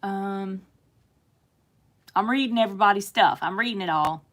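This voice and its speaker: A woman's voice: mid-range voice, moderate pace. A middle-aged woman from the United States hosting a casual live stream, chatting with viewers and reading their comments aloud, with frequent laughs and fillers. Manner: chatty, warm-hearted, laughs often, many fillers. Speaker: host reading live chat.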